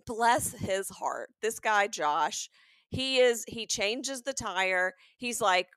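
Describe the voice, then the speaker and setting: A woman in her forties co-hosts a comedy podcast, spinning an animated story and slipping into the voices of the people in it. The sound is close and dry, with no room around it. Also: mid-range voice, slow pace, clean tone, no room sound. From American South. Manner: animated storytelling, acting out quotes. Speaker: podcast co-host. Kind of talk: comedic casual chat.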